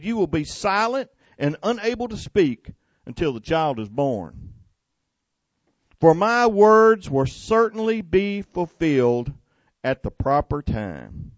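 A man's voice: on the high side, no room sound. A stern male archangel thunders his rebuke in a raised, emphatic voice, put on by a preacher mid-sermon. The recording is dull and dry. The figure sounds offended, with no patience for doubt. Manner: emphatic, forceful declaiming.

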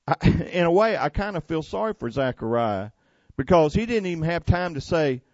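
A man's voice: a little high, very animated, normal speed, darkish tone, no echo, lo-fi sound. A man preaching a sermon in a folksy, conversational way, retelling scripture and making plain asides.

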